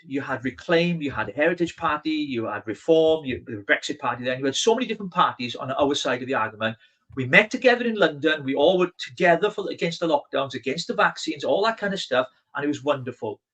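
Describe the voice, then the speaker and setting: A man's voice: fairly high pitch, fairly bright tone, rough recording. A man co-hosting a political podcast, talking bluntly and emphatically. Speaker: podcast co-host.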